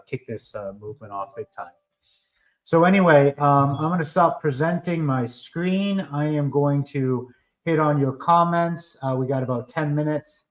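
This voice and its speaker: A man hosting a live stream in a casual, animated way. He talks at an average pitch, fills his speech with "uh" and "um" and often restarts his sentences. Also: low-quality recording. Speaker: livestream host.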